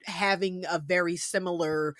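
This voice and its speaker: Bright-voiced animated woman podcast host. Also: on the low side, normal speed, no echo, studio quality. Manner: animated, laughing, rising emphasis. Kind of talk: casual tech podcast chat.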